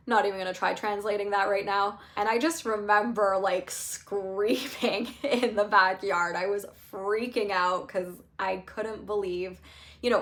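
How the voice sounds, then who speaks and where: A woman's voice: mid-range voice, a bit bright. A woman in her thirties, a life coach, telling a personal story in a candid, chatty way with lots of filler words and wry laughs. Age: 30s. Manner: wry, laughs through painful memories. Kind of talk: casual storytelling monologue.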